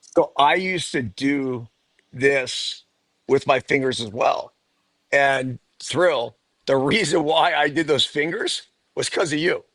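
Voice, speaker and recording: A middle-aged man, co-host and youth hitting coach, explaining things in a measured, patient way in casual chat. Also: mid-range voice, fairly bright tone, dry recording.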